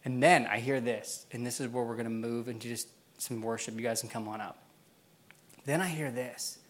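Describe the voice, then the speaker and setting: A man's voice: medium pitch, steady tone, moderate pace, fairly bright tone. A man preaching a sermon in a church, telling a personal story in a casual way, with many fillers and frequent laughs. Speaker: pastor.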